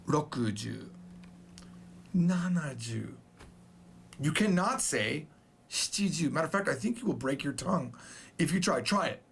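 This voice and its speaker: Jokey guy teaching japanese numbers, bit high, voice jumps all over, gravelly edge. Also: lively intonation, measured pace, long pauses, a bit bright. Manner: playful, joking, chatty. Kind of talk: casual video lesson.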